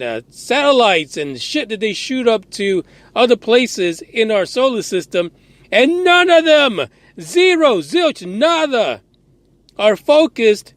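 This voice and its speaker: A man with a high, swooping voice rants through news commentary as a podcast host, swearing freely and dripping with sarcasm. He keeps firing off exasperated, disbelieving questions. The sound is close and dry. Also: no echo. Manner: animated, incredulous questioning.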